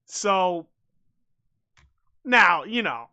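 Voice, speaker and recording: A man co-hosting a casual podcast, rambling and excitable, swearing freely and saying bro a lot. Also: sits high, extremely slow, vocal fry, clean tone. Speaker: podcast co-host. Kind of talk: casual chat.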